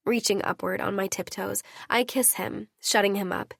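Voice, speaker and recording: A woman's voice: mid-range voice, fairly even intonation, normal speed, vocal fry, a bit bright, dry recording, clean studio sound. Intimate female audiobook narrator. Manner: intimate first-person reading. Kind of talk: scripted romance narration.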